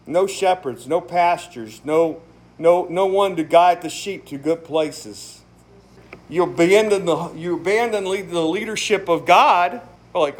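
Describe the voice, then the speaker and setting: A man's voice: high voice, unhurried. A man, a pastor, giving a casual, emphatic sermon in conversational language, laughing often. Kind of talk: casual sermon, Bible study.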